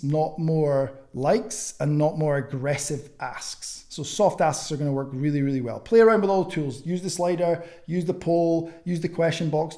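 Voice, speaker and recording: A man's voice: on the high side, dark tone. Sweary, blunt young male coach. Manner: blunt, sweary, acts out chats in quick bursts. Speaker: online fitness coaching mentor. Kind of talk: casual teaching with acted-out message examples.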